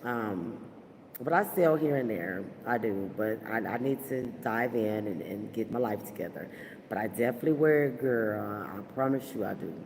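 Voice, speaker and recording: A woman's voice: rumbling low, moderate pace, a little mellow, big-room sound, slight background noise. A woman hosting a podcast, chatting casually and heartfelt with viewers, full of fillers and talk of faith. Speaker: podcast host. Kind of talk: casual livestream chat with viewers. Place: at her workplace.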